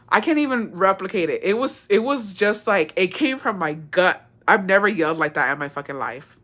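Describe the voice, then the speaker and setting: Bright-voiced woman telling a wild story. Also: medium pitch, brisk. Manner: animated, profane, switches between English and Spanish. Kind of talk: casual storytelling to viewers.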